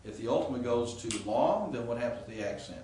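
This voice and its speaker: A Greek professor lectures on grammar in an informal, explanatory way, regularly checking in with his class. He speaks at a quick pace with a medium-pitched, expressive, mellow voice, caught on a distant mic in an echoey, faintly hissy classroom.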